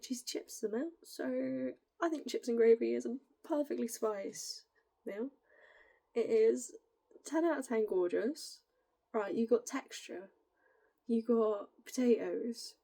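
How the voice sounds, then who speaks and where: A woman's voice: on the high side, gravelly. Giggly young woman with northern English accent. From northern England. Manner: rambling, giggly, drifts into soft whispery asides. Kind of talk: casual musing monologue.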